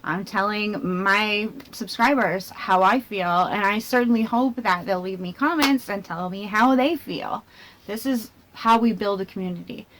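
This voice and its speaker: A woman vlogger talking to her laptop camera in a rambling, self-mocking way, thinking out loud and jumping between tangents. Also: mid-range voice, unhurried, slight background noise. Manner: chatty and self-mocking, laughs between phrases. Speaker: vlogger and channel host. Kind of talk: casual talking-to-camera commentary.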